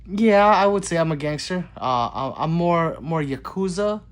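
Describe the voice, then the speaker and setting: A man's voice: on the high side, lively intonation, unhurried. A man hosting his own gun channel livestream, reading viewer comments aloud and joking back in a loose, casual way. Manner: loose, joking, swings between loud greetings and mutters. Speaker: gun channel host reading live chat.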